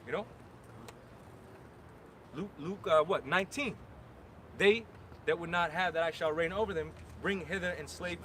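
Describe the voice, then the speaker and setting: Emphatic high-voiced man street preaching. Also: normal speed, pauses often, bright, forceful tone, slight background noise. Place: outdoors on a city street with traffic.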